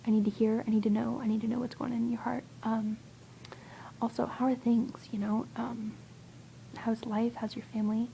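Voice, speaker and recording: A young woman chats to a friend in a hushed, rambling whisper, hesitant and full of fillers. Her voice sits a bit high but sounds dark and gravelly. A faint noise hums behind her. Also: level tone, moderate pace, rough recording. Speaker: vlogger. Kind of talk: casual whispered video chat to a friend.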